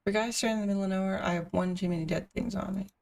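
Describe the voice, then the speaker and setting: A woman's voice: medium pitch, steady tone, very fast, darkish tone, recorded from a distance. A woman streamer reading a visual novel aloud, with casual asides between the narration.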